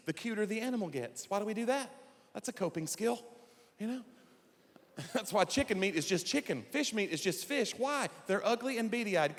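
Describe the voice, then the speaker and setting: Performing stand-up in a large hall, a man in his forties speaks in a voice that sits high. His delivery is animated, and he acts out the voices of people he quotes.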